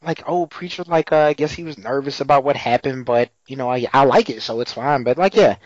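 A man co-hosting a casual chat and animatedly retelling scenes from a TV episode, with quick voices for the characters. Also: medium pitch, darkish tone, no echo. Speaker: podcast co-host recapping a TV episode. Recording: dull lo-fi recording.

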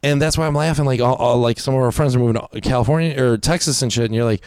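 Swearing, animated man doing bits and voices. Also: medium pitch, very fast, clear, resonant tone, no room sound. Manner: animated storytelling, drops into voices and impressions, swears a lot. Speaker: comedian, podcast co-host. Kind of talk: casual comedy podcast chat.

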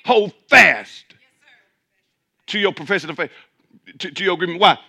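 A man's voice: high voice, normal speed, creaky, bright, forceful tone, husky. A man preaching a sermon as pastor, emphatic, repeating words as he restarts and calling out to his listeners. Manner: calls out to the congregation.

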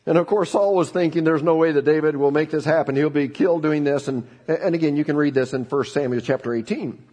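A middle-aged man preaching a sermon, telling the story in an animated way with frequent restarts. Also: a little high, fairly quick. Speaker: pastor.

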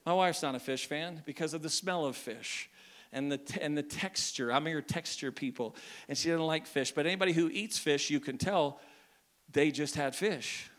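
A man's voice: fairly high pitch, normal speed, fairly bright tone. A man in his thirties preaching a sermon to a church, talking casually and joking with the congregation. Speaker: pastor. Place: church hall.

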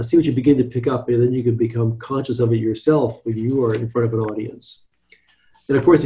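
A man's voice: medium pitch, mellow, rough recording. A male host wrapping up an interview, speaking in a friendly, recommending way to his audience.

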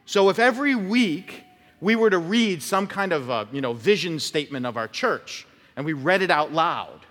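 A man's voice: sits high, fairly bright tone. A male pastor preaching a conversational sermon, telling stories and acting out short quotes. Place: church sanctuary. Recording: long church reverb.

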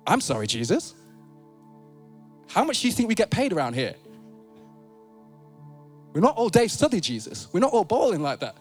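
A man's voice: very high-pitched, lively intonation, moderate pace, pushed and bright, faint music behind, pitched above the performer's own voice, heavily acted. A man voicing an exasperated, practical male disciple who pleads in comic disbelief. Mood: incredulous.

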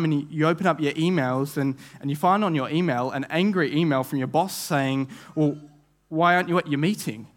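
A man's voice: fairly high pitch, fairly quick. A young man preaching a sermon, telling a vivid story with frequent restarts and repeated words. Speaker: guest preacher.

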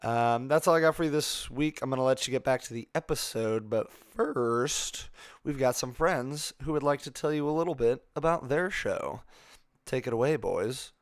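Smooth-voiced man hosting casually. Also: medium pitch, normal speed, no echo, clean studio sound. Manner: relaxed, filler-heavy. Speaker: host and game master. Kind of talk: casual podcast chat.

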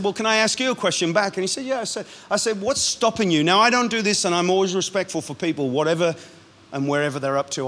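A man, a pastor, preaching a sermon in a lively, punchy way with quick asides. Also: on the high side.

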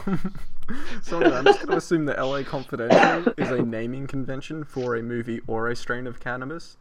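Tipsy gravelly-voiced male podcast host. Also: medium pitch, sing-song, a little fast, over a noisy crowd. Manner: crude, giggly, rambling with fillers. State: tipsy from wine. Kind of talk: late-night casual podcast chat.

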